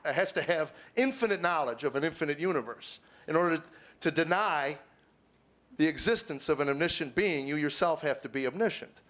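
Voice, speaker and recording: A middle-aged man doing stand-up, telling a story and acting out the dialogue with lively voice shifts. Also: fairly high pitch. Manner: animated, acts out dialogue with voice shifts. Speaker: stand-up comedian. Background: audience laughter.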